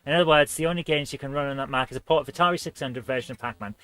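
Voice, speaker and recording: A man's voice: mid-range voice, rapid-fire, hardly any pauses, pushed and bright, clear, resonant tone, dry recording. A man hosting a live retro gaming stream, chatting in a rambling, self-mocking way as he plays.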